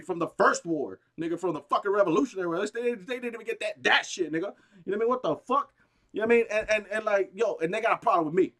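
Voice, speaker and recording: A gaming streamer delivering a heated, rambling, profane rant, restarting sentences often and bursting out with emphasis. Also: male voice, fairly high pitch, fairly bright tone. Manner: agitated, emphatic outbursts.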